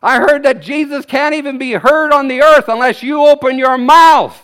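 A man in his fifties preaches at a church service, his voice strikingly high. He talks with bursts of energy, exclaiming and chuckling as he goes. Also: moderate pace. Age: 50s. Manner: energetic, exclaiming, laughing often. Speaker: guest preacher. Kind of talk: sermon.

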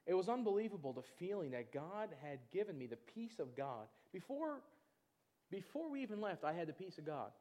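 Lively high-voiced man telling a testimony. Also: fairly quick. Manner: animated storytelling, acting out other people's voices. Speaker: pastor. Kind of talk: testimony in a church sermon.

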